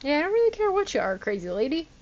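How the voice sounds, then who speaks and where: A woman's voice: high-pitched, very animated, very fast, darkish tone, highs cut off. A woman streamer chatting casually over gameplay, talking to her viewers with exasperated disbelief and laughing at herself. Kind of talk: casual live gameplay commentary.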